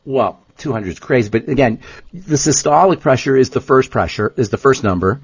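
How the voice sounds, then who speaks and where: A man explaining nutrition on a podcast with a lively, swooping delivery and a slightly husky voice. He repeats his points emphatically. The recording has a dull, lo-fi sound. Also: medium pitch, a little fast, dry recording. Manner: animated, emphatic, repeats himself. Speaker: health podcast co-host, nutrition expert. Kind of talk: casual explanatory podcast talk.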